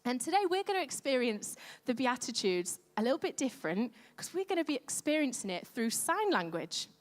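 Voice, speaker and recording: A woman preaching a sermon in a lively, conversational way. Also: high-pitched, a little fast. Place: church hall. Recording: echoey church hall.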